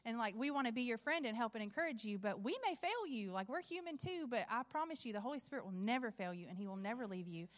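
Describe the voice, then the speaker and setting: A woman's voice: a little high, animated, fast, hardly any pauses. A woman giving a personal testimony in church, telling her story earnestly and acting out what was said. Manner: earnest storytelling, acts out quoted dialogue. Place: church sanctuary. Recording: long hall reverb.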